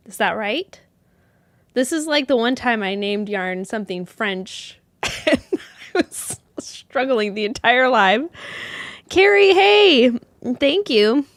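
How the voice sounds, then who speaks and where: A woman hosting a live yarn show in casual chat, bubbly and quick to laugh at herself, rambling with lots of restarts. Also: fairly high pitch, fairly bright tone, no echo.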